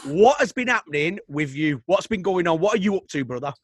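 A man's voice: sits high, animated, fast, breathy edge. A man with a Mancunian accent hosting a podcast, chummy and agreeable in casual chat. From Manchester, England. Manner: chummy, agreeable, laughs easily. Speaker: podcast host.

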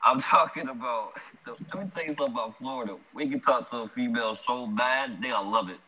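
A young man casually telling an animated, slangy story about a night out, laughing often. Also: mid-range voice, a little fast, slight background noise. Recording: dull lo-fi sound.

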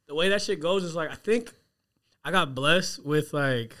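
A man's voice: a little high, normal speed, a bit bright. A man from South Seattle, a podcast guest and filmmaker, chatting casually with lots of slang and swearing. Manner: laid-back, slangy, swears freely.

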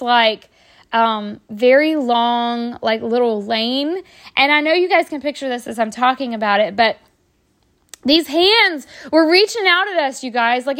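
A woman's voice: on the high side, a bit bright. A woman, telling stories in a rambling, chatty way on a podcast, full of fillers and restarts. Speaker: podcast host. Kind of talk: casual storytelling.

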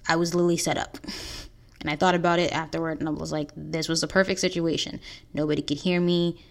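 A young woman hosting a podcast, telling a painful personal story in an earnest, halting way with restarts. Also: low-pitched, level tone, vocal fry. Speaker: podcast host.

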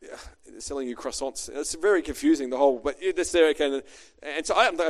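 Fast-talking pastor, joking storyteller. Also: male voice, medium pitch. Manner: chatty, joking, animated. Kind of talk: storytelling sermon.

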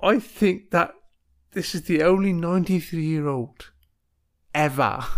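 Chatty man with a higher voice. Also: takes it slowly. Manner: chatty, laughs at his own jokes, acts out voices. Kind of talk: casual comic monologue.

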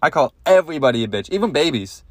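A man's voice: on the high side, big pitch swings, fast talker, no room sound, studio quality. A man hosting a comedy podcast, ranting crudely in a rambling monologue with lots of swearing. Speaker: podcast host.

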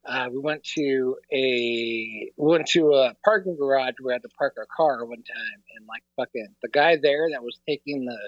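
A man's voice: mid-range voice, normal speed, hardly any pauses, no echo, dull audio. A man telling a story on a casual podcast, rambling with lots of "like" and swearing. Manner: rambling, heavy on fillers and swearing. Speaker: podcast guest.

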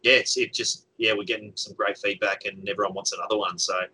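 A man's voice: fairly low pitch, level tone, quick pace, sharp tone, a little hiss or hum, rough recording. A man chatting casually as a guest game organizer, rambling with many fillers and restarts. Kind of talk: casual chat.

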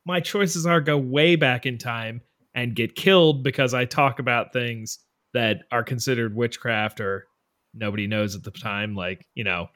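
A man's voice: medium pitch, normal speed, a bit bright. A man on a casual podcast, rambling through a thoughtful answer with jokes. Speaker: podcast co-host.

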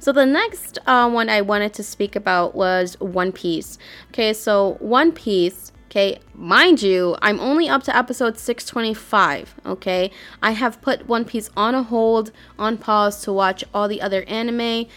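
A woman's voice: mid-range voice, unhurried, fairly bright tone. A woman hosting a casual chat, talking in emotional, rambling bursts. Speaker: podcast host.

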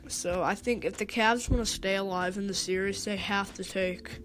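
A woman's voice: medium pitch, fairly even intonation, moderate pace, fairly bright tone. A young woman hosting a casual sports talk segment, hesitant, with many fillers, restarts and stumbles. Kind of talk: casual sports commentary monologue.

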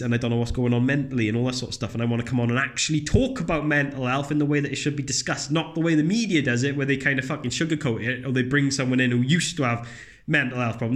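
A young man rattling through a solo podcast at a fast clip, with a fairly high voice for a man. He is blunt and swears freely, and every so often slips into mocking put-on voices. The talk is loose and casual. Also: a bit bright. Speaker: podcast host.

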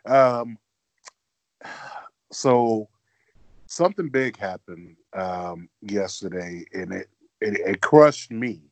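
A man's voice: fairly low pitch, lively intonation, slow, long pauses, no echo. A man hosting a wrestling podcast, talking casually with many fillers and restarts. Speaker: podcast host.

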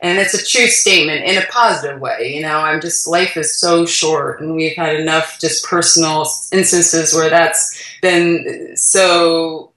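A woman, the founder of a food company, telling a lively story in a conversational interview, acting out voices and using lots of "like" fillers, recorded in her office. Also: low-pitched, a little slow. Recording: echoey room, voice far from mic.

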